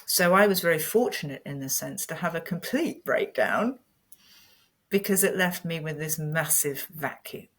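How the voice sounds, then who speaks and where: Husky low-voiced woman, 50s, earnest podcast guest opening up. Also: moderate pace. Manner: earnest and candid, animated when retelling. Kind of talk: reflective personal storytelling.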